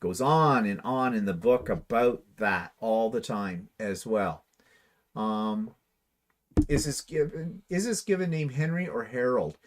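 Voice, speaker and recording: A man's voice: medium pitch, expressive, a little slow, slight background noise. A man with an ordinary mid-range voice chats casually on a livestream over a video call mic. He reads viewer comments aloud and answers them with dry, wry jokes. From Canada. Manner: wry, dry humor, chatty. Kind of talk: casual chat.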